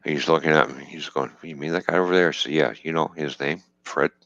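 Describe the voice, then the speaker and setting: A man's voice: very deep voice, brisk, no echo. A man telling a trucking story in casual, profane talk, laughing and quoting people as he goes. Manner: profane, laughing, animated retelling with quoted dialogue. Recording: dull lo-fi dry stream audio.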